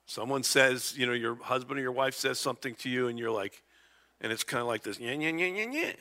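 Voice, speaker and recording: A man's voice: mid-range voice, level tone, brisk, bright, forceful tone. A middle-aged man preaching a conversational Bible-teaching sermon, chuckling often and acting out small dialogues. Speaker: pastor.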